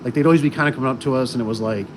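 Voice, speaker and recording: A man in the middle of his pitch range talks through a casual livestream, rambling and circling back with fillers and restarts. Behind him an air conditioner hums and vehicles pass, so the recording is noisy throughout. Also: racing. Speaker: garage door installer hosting a livestream.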